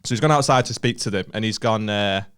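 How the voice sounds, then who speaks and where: A man's voice: fairly low pitch, quick pace, a bit bright, smooth. A young man with a Northern English accent telling a comic story on a podcast, sweary and often breaking into laughter. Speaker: podcast co-host, comedian. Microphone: podcast mic.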